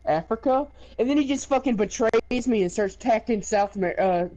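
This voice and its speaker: A man's voice: high-pitched, brisk, a little mellow, rough recording. A man casually telling a boastful, profane story, rambling with lots of fillers and laughing as he goes. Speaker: gaming video creator.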